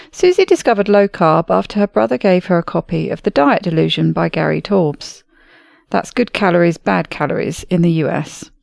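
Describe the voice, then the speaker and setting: A woman's voice: medium pitch, creaky, darkish tone, dry recording. A British woman hosting a podcast, reading a scripted introduction and then chatting in a friendly way with her guest. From Britain. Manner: friendly, chatty, laughs often. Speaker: podcast host. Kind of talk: scripted intro then casual interview chat.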